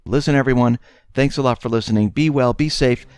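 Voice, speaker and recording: A man's voice: mid-range voice, brisk, a little mellow, clean tone, no echo, clean studio sound. A man hosting an economic news show, delivering an emphatic monologue about a coming collapse, with rhetorical questions. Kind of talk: solo scripted-feel commentary monologue.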